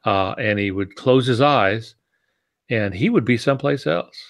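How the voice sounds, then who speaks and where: A man who writes novels, talking on a writing podcast in a reflective, storytelling way with thoughtful pauses. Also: mid-range voice, gravelly, dry recording, studio quality. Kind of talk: casual podcast chat about writing.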